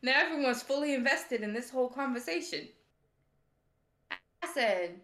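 A sassy woman telling a story on a podcast, animated and quick to laugh. Her voice sits a little high. The room echoes around her. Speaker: podcast co-host. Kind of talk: casual storytelling chat.

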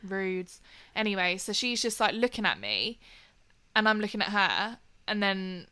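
A woman's voice: medium pitch, animated, measured pace, pushed and bright, clear, resonant tone. A young woman telling a story in casual chat, swearing freely and laughing along the way. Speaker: podcast co-host telling a story.

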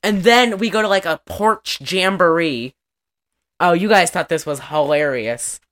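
A young woman with a lowish voice talks a little slowly as she co-hosts a relaxed podcast. She recaps a movie in a rambling way, with lots of "like" fillers, and acts out some of the film's lines.

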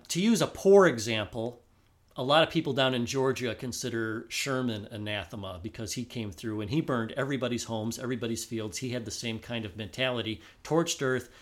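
A man with an American accent co-hosting a history podcast, talking in a relaxed, thinking-aloud way. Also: medium pitch. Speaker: podcast co-host. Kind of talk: casual history podcast chat.

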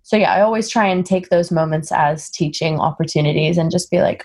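A woman from Singapore with an American-sounding accent, speaking as an interview guest in a relaxed, thoughtful way, often pausing with fillers. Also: low voice. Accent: American-sounding English. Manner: thoughtful, frequent "um" fillers, acts out quoted exchanges. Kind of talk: casual conversational interview.

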